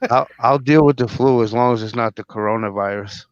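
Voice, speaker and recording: A man's voice: medium pitch, brisk, no echo. Older New York man, dull lo-fi sound. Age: 50s. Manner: easygoing, short agreeable replies. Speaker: panel guest. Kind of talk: casual group chat.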